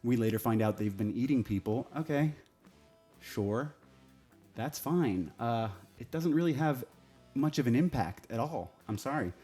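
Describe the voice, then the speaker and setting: A man's voice: medium pitch, expressive, measured pace, mellow, faint music behind. A man giving a casual, sarcastic and exasperated TV review, swearing now and then.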